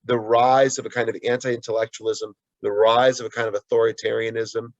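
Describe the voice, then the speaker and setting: A man's voice: medium pitch, level tone, fairly quick, no room sound, muffled recording. A man being interviewed as an author, answering earnestly with frequent restarts and asides. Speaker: guest author.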